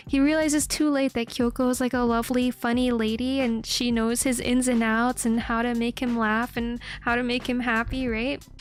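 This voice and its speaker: Woman streamer, high voice, animated giggly chat, light background music. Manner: giggly, animated, swears casually. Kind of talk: casual stream chat recapping a manga.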